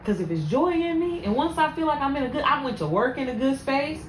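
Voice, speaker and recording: A woman hosts a casual faith podcast, telling her stories in an animated, preachy way. Her voice sits a little high. The room sounds echoey, with a faint hum of ambience behind her. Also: fast. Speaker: podcast host.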